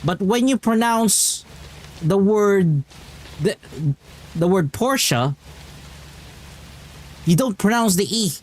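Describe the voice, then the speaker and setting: A man's voice: high-pitched, lively intonation, slow, pauses often, a little hiss or hum. A man streaming a game, chatting casually and explaining at length, with frequent restarts. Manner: rambling and explanatory, with many restarts. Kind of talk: casual live-stream chat.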